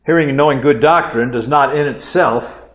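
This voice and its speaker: Older guy preaching, chatty folksy stories and asides, middle pitch, echoey church room. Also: normal speed, a bit bright. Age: 60s. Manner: folksy storytelling, conversational asides. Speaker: pastor. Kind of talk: sermon. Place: church hall.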